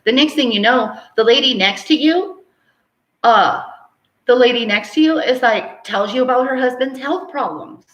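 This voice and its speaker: A woman hosting a casual live stream, teaching and reading out viewer comments, chatty and quick to laugh. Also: a little high, fairly bright tone. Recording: roomy echo.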